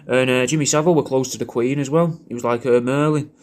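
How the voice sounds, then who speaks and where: A man's voice: medium pitch, steady tone, fast talker. A man rambling through a crude comic birthday message, repeating himself as he goes. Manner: rambling, repeats himself, crude jokes, puts on silly voices in quotes. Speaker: comedian recording a personalised video message.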